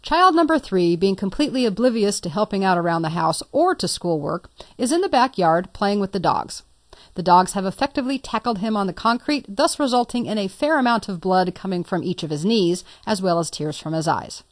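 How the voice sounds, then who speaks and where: A woman's voice: mid-range voice, no echo, clean studio sound. A woman instructor talking through a computer tutorial step by step, patient and lightly playful. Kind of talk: screen-recorded software tutorial.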